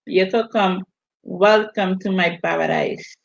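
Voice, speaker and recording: Slow-talking Virgin Islands woman, chatty. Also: mid-range voice, fairly bright tone. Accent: Virgin Islands Caribbean. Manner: chatty, teasing, laughs often. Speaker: vlogger hosting a live stream. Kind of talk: casual chat reading viewer comments. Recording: dull lo-fi audio.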